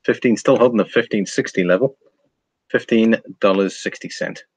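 A man hosting a relaxed live stream, reading out viewer comments and talking over charts. His voice sits fairly low, and he laughs easily between remarks. The sound is dry and close, with no room around it. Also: normal speed, breathy edge, no room sound. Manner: chatty, reads viewer comments aloud, laughs often, trails off.

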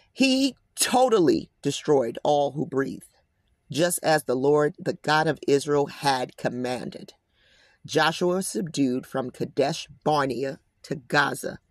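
The recording is dry, and the man's slightly high voice moves at a slow pace. He's a Bible commentator reading scripture and commenting on it emphatically and casually, throwing in slangy asides and often saying "guys" to his listeners.

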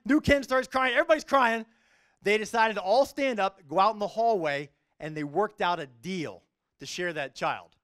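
A middle-aged man, a judge, giving an earnest, animated faith-based talk to a business group, telling stories from his courtroom. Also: high-pitched. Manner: storytelling, earnest, animated delivery.

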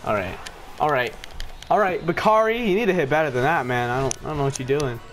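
A young man narrates his own football game in a high, wildly swinging voice. He mutters low, then bursts into shouts and laughter. Game music plays faintly underneath. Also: expressive, quick pace. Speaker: gaming video host. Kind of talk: excited gameplay commentary.

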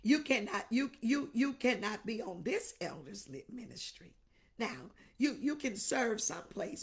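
A middle-aged woman bishop preaching a Pentecostal sermon, crying out in tongues, shouting and weeping, then dropping to a whispered appeal. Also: fairly high pitch, lively intonation, measured pace. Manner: drops to intimate whispered exhortation.

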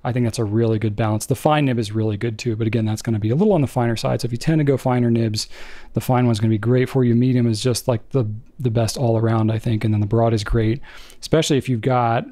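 A man co-hosting a podcast in relaxed, joking casual chat, full of fillers. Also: mid-range voice, quick pace. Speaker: podcast co-host.

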